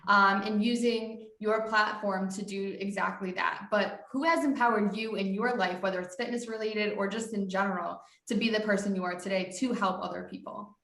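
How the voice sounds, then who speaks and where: A woman's voice: medium pitch, fairly even intonation, normal speed, hardly any pauses, fairly bright tone. A woman co-hosting a TV talk show, cheerful as she introduces guests and asks questions. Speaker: co-host. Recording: echoey studio.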